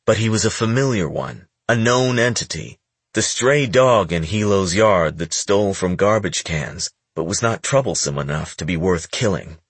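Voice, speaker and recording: A man reading a novel aloud as an audiobook narrator in a measured, even manner. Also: deep voice, slightly rough, dry recording. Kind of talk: scripted narration.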